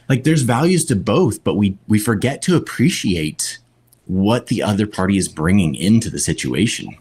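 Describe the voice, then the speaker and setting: A man guest on a podcast, speaking in a reflective, deliberate way with long pauses. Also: fairly low pitch, big pitch swings, darkish tone, slightly rough. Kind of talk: conversational podcast talk.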